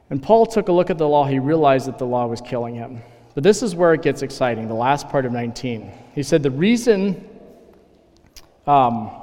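A man preaching a sermon as pastor, earnest and animated, often rising in emphasis. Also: fairly high pitch. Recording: long reverb of a large hall.

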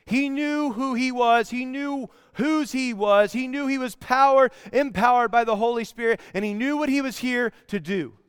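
A man preaching a sermon, telling stories in an animated way and breaking into bits of song. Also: very high voice, moderate pace, hardly any pauses, clean tone, no room sound, studio quality. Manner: storytelling, animated, bursts into song. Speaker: pastor.

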